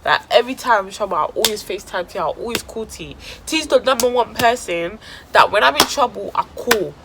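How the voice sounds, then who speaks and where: A woman's voice: on the high side, expressive, a little fast, noisy background. Slangy woman telling a story. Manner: dramatic, slang-heavy storytelling. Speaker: vlogger. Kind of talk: storytime vlog.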